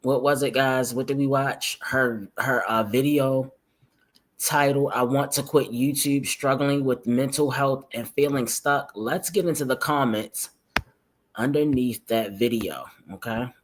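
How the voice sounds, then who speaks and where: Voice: medium pitch, steady tone, a little slow, a little hiss or hum. A livestream host with a mid-range voice, talking loosely to the audience. The host chats in slang and keeps calling the viewers "y'all" between reading comments aloud. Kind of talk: casual reaction livestream.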